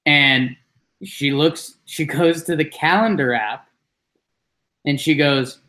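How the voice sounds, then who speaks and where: A man's voice: expressive, measured pace, sharp tone. A man in casual podcast chat, telling a rambling story and acting out what people said. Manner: rambling storyteller, acts out quotes with jumps in pitch.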